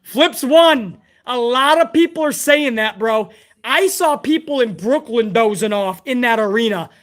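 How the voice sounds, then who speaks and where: Stream host: man, hoarse, very high and bright, excitable, swears freely while reading fan messages. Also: a little slow. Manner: profane, excitable, chummy. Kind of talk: casual livestream commentary, reading fan messages.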